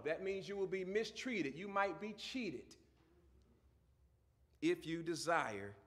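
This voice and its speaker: A male pastor preaching a sermon, moving from quiet teaching to loud, fervent preaching. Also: high voice.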